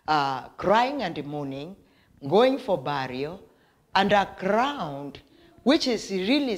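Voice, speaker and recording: A woman preacher delivering a sermon with slow, emphatic declarations and prayers. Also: on the low side.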